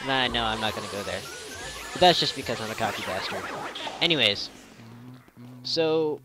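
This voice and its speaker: A man's voice: medium pitch, expressive, brisk, pauses often, noisy background. A man hosting a let's play, commenting on the game in a rambling, self-deprecating way. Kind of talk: gameplay commentary.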